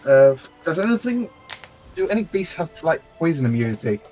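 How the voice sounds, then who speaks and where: A man's voice: on the high side, big pitch swings, fairly quick, mellow, faint music behind. A man, a player in a tabletop game, thinking aloud hesitantly about his moves. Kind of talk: casual tabletop play.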